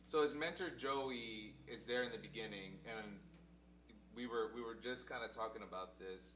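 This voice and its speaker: A man sums things up in a plain, matter-of-fact way during a casual podcast chat. His voice is bright and sounds distant from the mic. The room around him is echoey. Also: on the low side, moderate pace, slight background noise. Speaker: podcast co-host.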